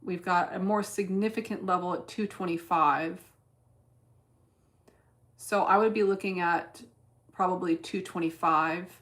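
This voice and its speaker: A woman's voice: fairly low pitch, steady tone, unhurried, pauses often, fairly bright tone. A woman streaming her day trading in casual chat, blunt and cursing freely as she thinks aloud. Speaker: livestreamer trading stocks.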